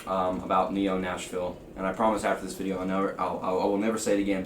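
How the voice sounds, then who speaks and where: Young male reviewer, lowish voice, rambling casual delivery, roomy space with faint background hiss. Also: fairly even intonation, fast, hardly any pauses. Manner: rambling, filler-heavy, restarts. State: slightly rough, just woke up. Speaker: music reviewer. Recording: roomy, faint ambient noise.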